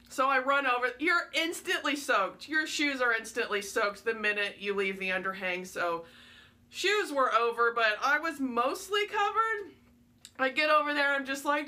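Young woman, high and bright, gushing casual storyteller; vlog host. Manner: excitable, gushing, many fillers. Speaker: vlogger.

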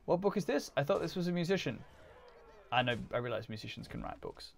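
A man's voice: on the high side, expressive, quick pace, creaky. A man chatting casually while he plays on a game stream. He rambles and laughs often. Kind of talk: casual chat while gaming.

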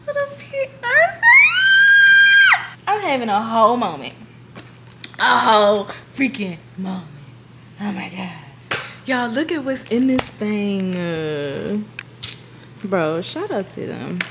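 A young woman chatting casually on her vlog, excitable and giggly, repeating herself as she talks. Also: medium pitch, slow, creaky, very noisy. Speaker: beauty vlogger.

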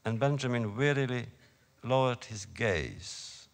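A man, an author, reading his own prose aloud to an audience in a slow, measured, solemn way. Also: mid-range voice, animated, vocal fry, big-room sound.

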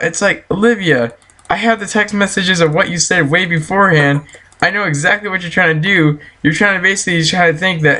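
A man's voice: high-pitched, brisk, pushed and bright. A man telling a story as a casual, heated, profane rant, breaking into laughter now and then.

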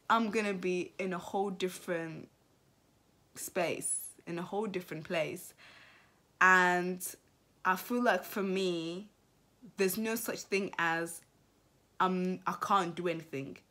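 A vlogger and entrepreneur in her twenties talks to the camera on its built-in mic for a reflective birthday vlog. Her voice is lowish and a bit bright, and she's heartfelt and emotional, close to tears at times, repeating phrases for emphasis.

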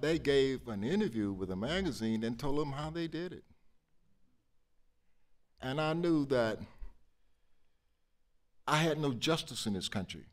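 An older man recounting his memories earnestly on a stage panel, speaking with emphatic conviction. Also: medium pitch. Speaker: panelist, former civil rights activist. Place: auditorium event on stage.

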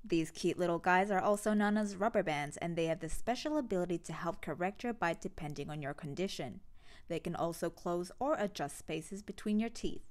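A woman with an Australian accent narrating a scripted explainer video for a clinic in a friendly, upbeat and clear manner. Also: fairly low pitch, fairly quick.

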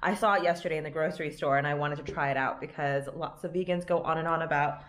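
A woman's voice: sits low, steady tone, fast talker, a little hiss or hum. A young woman vlogging at home, chatting to the camera in an upbeat, rambling way. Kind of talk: casual vlog chat to camera. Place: at home in an apartment.

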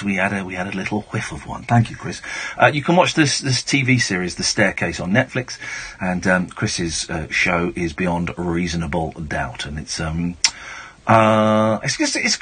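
A man's voice: mid-range voice, a bit bright, breathy edge. A man hosting a late-night phone-in radio show, rambling and joking, with bursts of mock outrage. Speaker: radio host. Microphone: studio mic.

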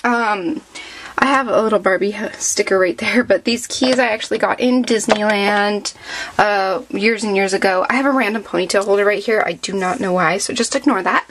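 A woman's voice: mid-range voice, moderate pace, a bit bright, a little hiss or hum. A young woman vlogger giving a casual tour of her bedroom, filming with a handheld camera as she moves around and chats in a rambling way with lots of fillers. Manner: chatty, rambling, many fillers. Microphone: handheld camera, moving around.

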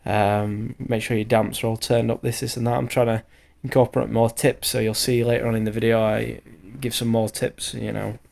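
Tired, gravelly man rambling. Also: medium pitch, little pitch movement, normal speed, a little mellow. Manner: rambling, loose talk full of fillers and the odd swear. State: tired from lack of sleep. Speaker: bricklayer vlogger. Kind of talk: casual voiceover commentary.

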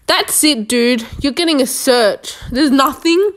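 A woman's voice: high-pitched, unhurried. A woman giving casual, sarcastic running commentary while playing a police game, joking and talking to herself.

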